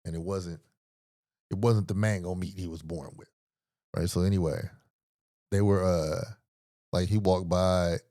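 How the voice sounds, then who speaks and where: In a low, mellow voice with fairly even intonation, a podcast host unhurriedly tells a rambling comedic story, leaving long pauses. He's laid-back, profane, and slangy, acting out the people involved, and the clean studio recording has no echo.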